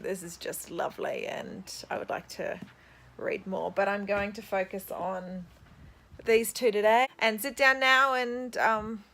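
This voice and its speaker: A young woman talking casually about her reading in a vlog, reflective and halting, teary after crying. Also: medium pitch. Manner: reflective, soft-spoken, halting. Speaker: book vlogger.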